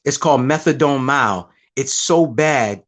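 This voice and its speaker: A man with a Boston Black vernacular accent co-hosts a loose, casual chat. He talks in an animated way, stacks up quick agreements and asides, and sits at an ordinary middle pitch. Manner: animated, repeats "correct" often. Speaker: co-host.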